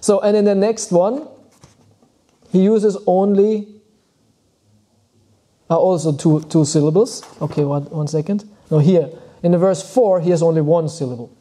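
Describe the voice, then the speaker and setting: A man giving a devotional lecture, reading verses and explaining them in an unhurried way with frequent pauses. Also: high-pitched, warm tone. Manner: unhurried, thoughtful, often pauses with "uh" and restarts words. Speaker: spiritual teacher.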